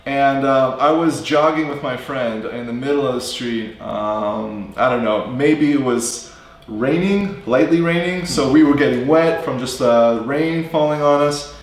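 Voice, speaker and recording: A man's voice: medium pitch, a little slow. American man telling a story, echoey. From United States. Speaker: English teacher, live stream co-host. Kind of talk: casual live-stream chat and storytelling. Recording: very echoey room.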